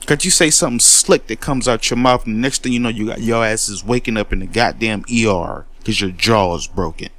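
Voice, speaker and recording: A man's voice: lowish voice, brisk, hardly any pauses, fairly bright tone, no room sound. A man in a heated, profane monologue, taking on critics with repeated words and a confrontational edge. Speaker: commentary host.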